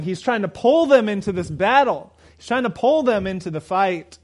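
A middle-aged man preaching a sermon, swinging between loud urgent emphasis and low, quiet storytelling. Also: animated, measured pace, long pauses.

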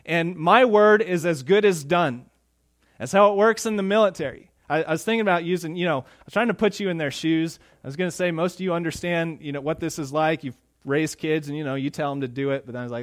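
A man with a high voice preaches a sermon in a relaxed, conversational way. When he acts out the people in his story, he speaks louder and with more force. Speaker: pastor.

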